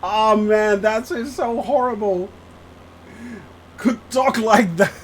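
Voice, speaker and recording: A man's voice: high voice, slow, slight background noise. A man, chatting live with viewers while streaming a flight sim, joking and laughing often as he reads the chat aloud.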